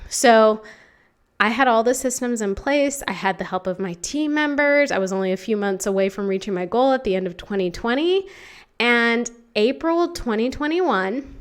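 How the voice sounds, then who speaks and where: A woman's voice: fairly high pitch, lively intonation, moderate pace, smooth. A young adult woman hosting her own podcast, telling a personal story in a candid, emotional way with many fillers. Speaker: podcast host. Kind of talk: reflective solo podcast monologue.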